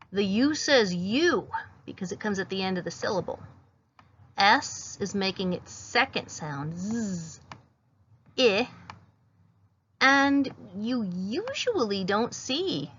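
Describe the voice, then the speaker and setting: Woman teacher doing phonics, slow and patient, sounds out letters, kinda muffled lo-fi audio. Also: mid-range voice, fairly bright tone. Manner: patient, explains each sound while writing words. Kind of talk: phonics lesson.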